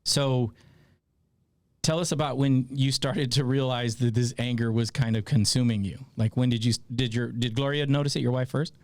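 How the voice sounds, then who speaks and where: A man hosts a casual interview, an irreverent veteran who swears and laughs easily. His voice sits at a middle pitch. The recording is dry and close, with no room echo. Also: steady tone, a little mellow. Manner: irreverent, profane, quick to laugh. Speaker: podcast host, veteran.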